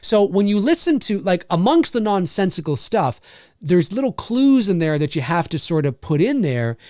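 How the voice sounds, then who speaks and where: A man hosting a live question-and-answer stream as a voice actor, talking in a rambling, animated way and swearing freely. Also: fairly high pitch, dry recording, studio quality. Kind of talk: casual live-stream chat.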